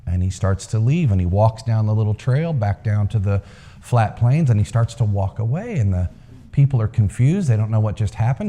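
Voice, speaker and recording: A man telling a parable to a live audience in a lively storytelling manner. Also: fairly low pitch, moderate pace. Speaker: speaker, coach. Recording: long hall reverb.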